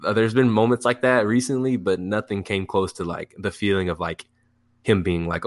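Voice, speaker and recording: A young man telling a story as a guest in a casual interview, rambling and excitable, full of fillers. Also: on the low side, moderate pace. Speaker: music producer guest.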